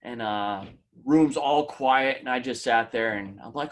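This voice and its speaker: A male podcast co-host tells a story at a relaxed, ordinary middle pitch. He strings his sentences loosely together, one clause running into the next. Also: moderate pace, hardly any pauses. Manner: anecdotal, loose run-on sentences. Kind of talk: casual storytelling.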